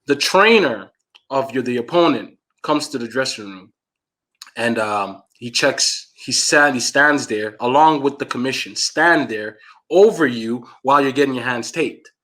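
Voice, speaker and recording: Bright-voiced man explaining boxing rules. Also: mid-range voice, unhurried. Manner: explanatory, conversational, many fillers. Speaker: co-host. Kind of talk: casual podcast chat.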